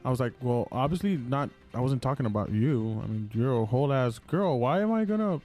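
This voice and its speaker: A young man co-hosting a casual podcast chat animatedly retells a story, leaning heavily on "like." His voice is medium-pitched and brisk, with faint music behind it.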